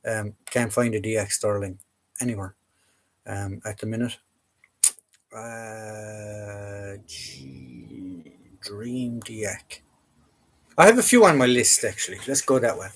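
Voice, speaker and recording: A man's voice: lowish voice, lively intonation, takes it slowly, pauses often. A man with an Irish accent hosting a casual live chat from home, rambling and chatty with lots of fillers and restarts. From Ireland. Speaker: live-stream host. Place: home room full of collectibles.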